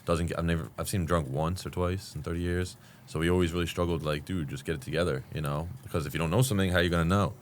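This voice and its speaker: A man's voice: deep voice, fairly even intonation, rapid-fire, hardly any pauses, slight background noise. A man in his thirties, a guest candidly telling his recovery story in a rambling way, full of fillers. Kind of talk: candid podcast conversation.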